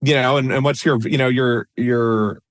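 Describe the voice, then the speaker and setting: A man's voice: mid-range voice, steady tone, moderate pace, dry recording. A man co-hosting a podcast in a casual, conversational way, with frequent restarts and fillers. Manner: conversational, many restarts and "you know"s. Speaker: podcast co-host.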